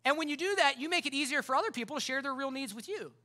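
A man's voice: very high-pitched, expressive, rapid-fire, pushed and bright. A male pastor preaching a sermon, passionate and conversational, stacking repeated phrases for emphasis. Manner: impassioned, conversational preaching with rhetorical repetition.

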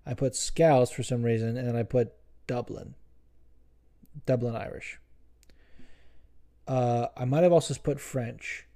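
A man hosting a solo podcast, chatting loosely and cursing freely as he circles back to correct himself. His tone is soft and mellow at a middle pitch. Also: steady tone, measured pace, pauses often. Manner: profane, rambling, self-correcting. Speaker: podcast host. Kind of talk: casual solo podcast chat.

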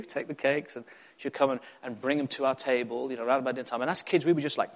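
A man's voice: mid-range voice, fast. Emphatic preacher man. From South Africa. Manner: emphatic, repeats phrases, builds to excitement. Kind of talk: sermon.

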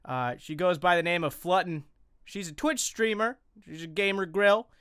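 A man's voice: high-pitched, a bit bright, clear, resonant tone, no room sound, clean studio sound. A young man hosting a casual podcast, chatty and teasing as he introduces guests. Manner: joking, chatty, quick to tease. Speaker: podcast host.

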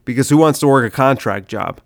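A man's voice: mid-range voice, brisk, no room sound, studio quality. A sick man hosting his comedy podcast, rambling loosely with swearing and lots of "dude". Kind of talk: casual rambling monologue.

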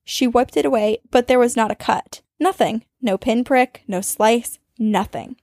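A woman podcast host reading a listener's ghost story aloud, with dramatic storytelling that speeds up and slows down for suspense. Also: on the high side, a little mellow, no echo, clean studio sound.

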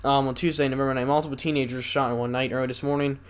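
A young man hosting a solo podcast, rambling casually and reading news stories aloud haltingly with asides. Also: mid-range voice, little pitch movement, smooth. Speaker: podcast host.

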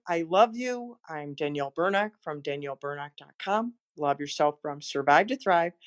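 A woman, a motivational speaker and podcast host, giving an encouraging inspirational talk and telling stories. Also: medium pitch. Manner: warm encouraging storytelling.

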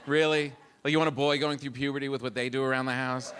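A middle-aged man performing a live stand-up routine, animated, acting out the voices of his family. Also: mid-range voice, very fast, few pauses. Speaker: stand-up comedian. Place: comedy club stage. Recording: live club with audible room noise.

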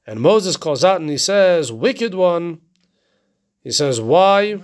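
Man, Torah teacher, casual class, slightly high voice, conversational, rhetorical questions. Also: lively intonation, slow pace. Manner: conversational, keeps asking "right?" and posing rhetorical questions.

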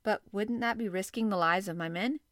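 A grave, careful ship's commander, read by a woman narrator in a storybook reading. The delivery is measured and formal, at an ordinary middle pitch. The sound is dry and close. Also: fairly bright tone, no room sound, close to an everyday voice. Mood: questioning. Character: cautious, formal male frigate commander. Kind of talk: audiobook character reading.

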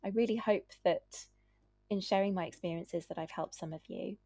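A woman's voice: mid-range voice, moderate pace, warm tone, dry recording. A woman, a doctor, hosting a solo podcast and earnestly advising listeners.

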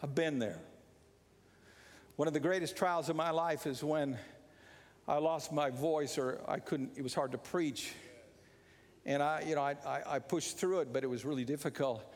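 A pastor preaching an impassioned sermon, repeating his points and rising to shouts. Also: a little high, normal speed, pauses often. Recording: long reverb of a large hall.

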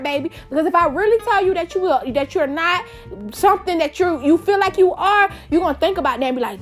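A woman's voice: very high voice, fast talker, soft background music. A young woman hosting a casual solo podcast, talking in a chatty, emphatic way and calling her listeners y'all. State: out of breath. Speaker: podcast host.

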